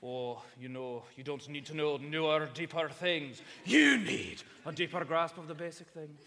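A man putting on the voice of a wise Scottish pastor with a Scottish accent, quoting him slowly and with emphasis. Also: on the high side, pushed and bright. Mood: emphatic. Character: older Scottish male pastor, wise and unhurried.

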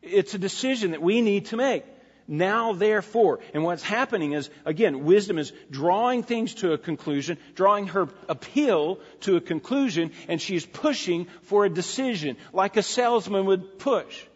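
A man's voice: high-pitched, lively intonation, moderate pace, husky. A middle-aged man preaching a sermon as a pastor, earnest and emphatic, asking his listeners rhetorical questions. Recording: dull lo-fi recording in a reverberant hall.

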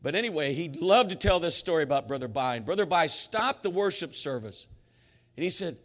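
A middle-aged man preaching a sermon in a church sanctuary, energetic and emphatic, telling stories between his points. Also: a little high, brisk. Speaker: pastor. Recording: reverberant church hall with faint music.

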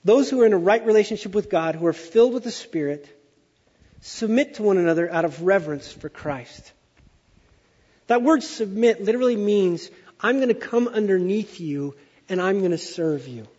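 A pastor in middle age, high-voiced and animated, exaggerates as he tells stories in a lively sermon at a moderate pace. A long hall reverb makes him sound dull and muffled, as though in a church sanctuary.

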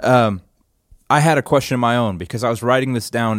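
A man hosting a casual podcast chat from a church office, laid-back and self-deprecating, often trailing off into quiet asides. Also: mid-range voice, brisk, no room sound, clean studio sound. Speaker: podcast host.

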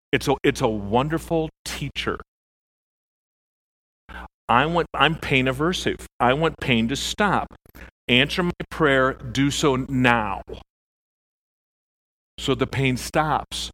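A man preaching a sermon as pastor, animated, acting out the voices in his stories. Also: mid-range voice, a little hiss or hum.

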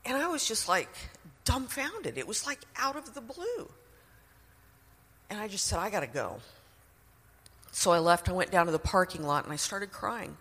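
A woman's voice: mid-range voice, expressive, moderate pace, a bit bright, in a large hall. A middle-aged woman sharing a personal testimony in an earnest, emotional way.

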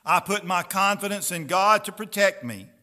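In a high-pitched, expressive voice, pushed and bright, a man preaches a sermon. He gives scripture a slow, earnest reading and addresses questions straight to the people listening.

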